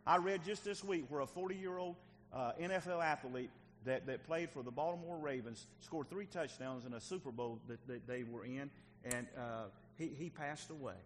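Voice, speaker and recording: A man preaching a sermon in an earnest style, swinging from loud emphasis to hushed intensity and often repeating his words. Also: fairly high pitch, normal speed, big-room sound, a little hiss or hum. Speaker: pastor.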